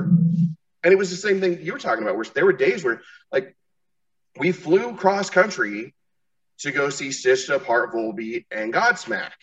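A man's voice: on the high side, lively intonation, moderate pace, fairly bright tone, far from the mic, highs cut off. A man hosting a podcast interview, rambling casually with frequent restarts and profanity. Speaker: podcast host.

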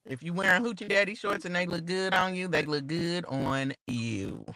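A woman with a bright, crisp voice jokes with the audience on a podcast. She teases playfully and slows down to stretch out her punchlines. The sound is dry and close to the mic. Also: fairly low pitch, no echo. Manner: playful, teasing, slows down for effect. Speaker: podcast co-host. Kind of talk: casual chat.

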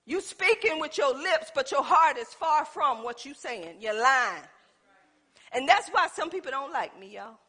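High bright animated woman preacher. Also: measured pace. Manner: animated storytelling, addresses congregation as y'all. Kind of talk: sermon.

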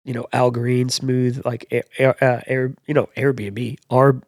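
Young male podcast host, gravelly, chatty and loose, dry close mic. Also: medium pitch, level tone, unhurried, no echo. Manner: rambling, filler-heavy, joking. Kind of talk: casual chat.

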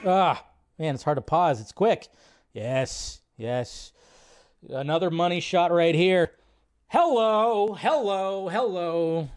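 Excitable, chatty male stream host. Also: sits high, takes it slowly, clear, resonant tone. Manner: excitable, swears freely, chatty asides. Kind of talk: casual live-stream commentary.

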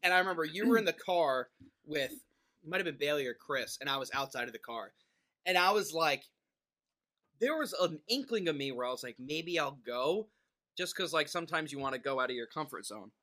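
A young man co-hosting a podcast, telling stories in a rambling, animated way with lots of fillers. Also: on the high side, brisk. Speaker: podcast co-host. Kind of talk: casual chat.

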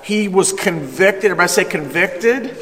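A man preaching a sermon as pastor, energetic and emphatic, calling the congregation to respond. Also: high-pitched, normal speed. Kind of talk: sermon, Bible study teaching. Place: church hall with live congregation. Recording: echoey hall with long reverb.

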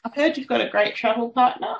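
A woman's voice: fairly high pitch, lively intonation, fairly quick, vocal fry, muffled recording. A woman interviewer putting upbeat questions to a guest in a casual chat. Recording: echoey, from off-mic.

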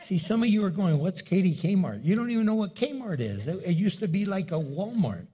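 A middle-aged man preaching a sermon as pastor, animated and acting out little dialogues. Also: high-pitched, a little fast, husky. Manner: animated, acts out dialogue with the congregation.

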